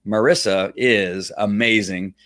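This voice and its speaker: A man hosting a casual live online show, talking in a halting, rambling way with lots of fillers and restarts, at times choked up while reading a viewer's story. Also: on the low side, steady tone, a bit bright. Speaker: host of a Facebook Live show. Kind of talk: casual live-stream talk, reading a testimonial aloud.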